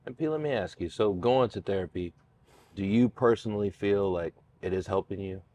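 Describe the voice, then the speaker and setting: A man's voice: on the low side, normal speed, warm tone, a little hiss or hum. A man co-hosting a podcast, asking direct questions and answering supportively. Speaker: podcast co-host. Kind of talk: interview-style podcast chat.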